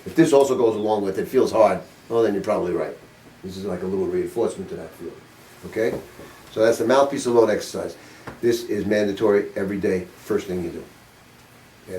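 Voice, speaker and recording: An older man's low, mellow voice carries through a music studio as he teaches saxophone, blunt and informal, testing his students and swearing offhandedly. The distant mic makes it sound roomy, with slight background noise.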